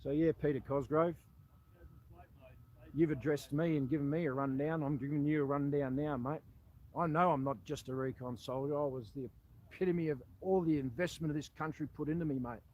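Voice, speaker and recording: Blunt Australian veteran, impassioned direct address. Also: male voice, on the high side, fairly even intonation, fairly quick, a little mellow, highs cut off. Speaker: army veteran. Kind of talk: impassioned monologue addressed to an official.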